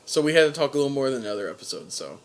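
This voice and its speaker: A man's voice: mid-range voice, very animated, racing. A young man co-hosting a podcast, casually retelling a TV episode with loose, profane mock dialogue. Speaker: podcast co-host. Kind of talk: casual recap chat.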